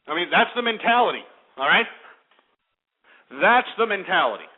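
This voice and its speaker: A male talk radio host rants through a profane monologue in quick bursts. His voice sits high for a man and comes through a thin, tinny lo-fi radio sound. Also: big pitch swings, husky. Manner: ranting, profane, fast bursts.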